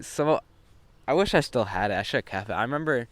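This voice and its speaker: A man's voice: mid-range voice, lively intonation, a little fast, clear, resonant tone. A teenage boy telling a story in a casual, rambling way, swearing often and restarting his sentences. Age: teens. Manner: rambling, profane, many restarts. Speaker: vlogger.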